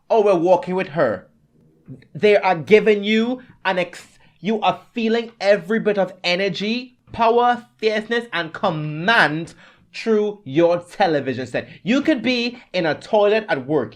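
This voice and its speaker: A young adult man co-hosting a podcast, gushing in an animated, dramatic way during casual chat. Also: high-pitched, a little slow. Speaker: podcast co-host.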